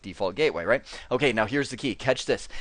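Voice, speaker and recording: A man teaching networking at a whiteboard, animated and chatty, acting out devices in quoted voices as he explains. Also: mid-range voice, fast talker, no echo. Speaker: networking instructor. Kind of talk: whiteboard technical lecture.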